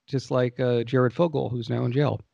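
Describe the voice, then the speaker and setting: A man's voice: medium pitch, fairly even intonation, moderate pace, vocal fry, dark tone, no echo. Rambling man on a dull, dry mic. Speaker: podcast co-host. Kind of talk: casual chat about retro games.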